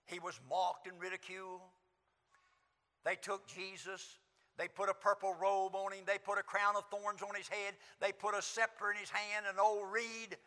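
A man preaching a sermon in an auditorium, impassioned, swinging from hushed lines to shouts. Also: sits high, flat delivery, normal speed. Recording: long hall reverb.

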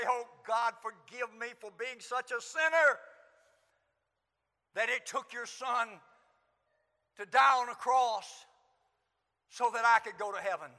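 High, bright-voiced impassioned preacher. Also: male voice. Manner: impassioned, swings from hushed to shouting. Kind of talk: sermon. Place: auditorium. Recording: long hall reverb.

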